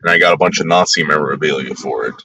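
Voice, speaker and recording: A man from the New York area with a very low voice that still cuts through with a bright, forceful edge. He narrates a casual tour in a blunt, rambling, crude way, like a vlogger talking to his viewers. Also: rapid-fire, husky, dry recording, low-quality recording.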